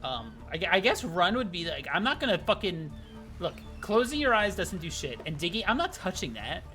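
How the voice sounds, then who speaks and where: Casual male streamer, swears a lot, bouncy high voice. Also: very animated, brisk, bright, forceful tone, soft background music. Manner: rambling, swears freely, talks to chat. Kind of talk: casual live-stream gaming chat.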